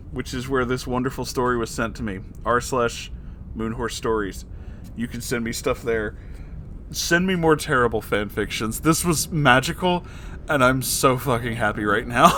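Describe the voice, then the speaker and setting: A man's voice: medium pitch, fairly bright tone, slight background noise. A man hosting a comic fan fiction reading, swearing and breaking into helpless laughter.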